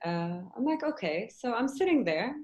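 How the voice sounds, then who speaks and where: A woman guest on a podcast telling a personal story in lively conversation and acting out the dialogue as she goes. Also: medium pitch, a little fast, muffled recording. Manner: animated, acts out quoted dialogue.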